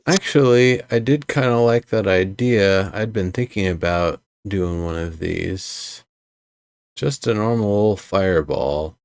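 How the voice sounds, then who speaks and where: Lowish-voiced player man, dry sound. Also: measured pace, gravelly, dry recording. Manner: hesitant, joking, trailing off. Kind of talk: casual game chat.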